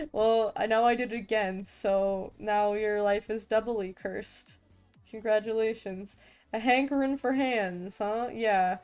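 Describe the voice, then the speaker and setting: A woman's voice: medium pitch, steady tone, slow, darkish tone, clean tone, faint music behind. A woman streaming as a vtuber, chatting casually with viewers while drawing, playful and self-mocking with frequent laughs and restarts.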